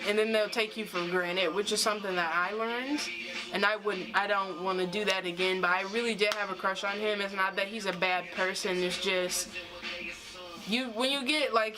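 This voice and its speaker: A woman's voice: mid-range voice, low-quality recording. A young woman telling a personal story to camera in a casual vlog, rambling with lots of "like" and restarts. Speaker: vlogger.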